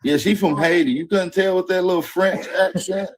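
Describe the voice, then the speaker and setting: A man's voice: high voice, normal speed. A man hosting a stream in casual chat, joking crudely and laughing often. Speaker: stream host.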